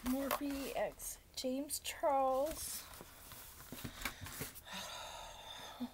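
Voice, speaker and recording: A woman beauty vlogger opening a gift on camera, awestruck and near tears, often dropping to a breathy half-whisper. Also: a little high, animated, slow. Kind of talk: emotional unboxing vlog. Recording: noisy home recording with packaging crinkles.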